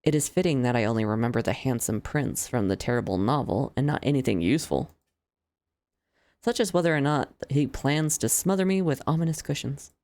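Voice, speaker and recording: A sardonic young villainess from a visual novel, as a woman reads her lines. Her voice is very deep and dry, and her phrasing is wry and formal. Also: animated, brisk, a little mellow, no echo.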